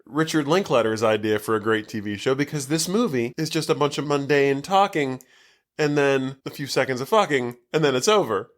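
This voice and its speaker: A man's voice: medium pitch, a little fast. A man co-hosting a casual podcast, recapping a movie in a loose, rambling way full of fillers. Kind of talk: casual chat. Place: basement.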